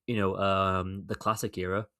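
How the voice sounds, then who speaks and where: A young man hosts his solo podcast in a low-pitched voice. He rambles in casual commentary, circling back over his own sentences. His tone stays exasperated, and he swears freely. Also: level tone, moderate pace, sharp tone. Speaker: podcast host.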